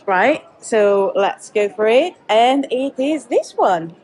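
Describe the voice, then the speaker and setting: A woman's voice: a little high, expressive, takes it slowly, a little mellow, breathy edge. A woman interviewing people at a conference, asking curious, upbeat questions.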